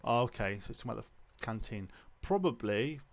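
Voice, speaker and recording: A man gives chatty, joking commentary while he plays a management game and reacts out loud. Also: mid-range voice, lively intonation, brisk, gravelly. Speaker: gamer playing a management game. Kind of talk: casual let's-play commentary.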